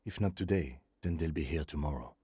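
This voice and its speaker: A gruff, patient character from a game who speaks slowly and with assurance. His voice is very low, dark and husky. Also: heavily acted. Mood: assured.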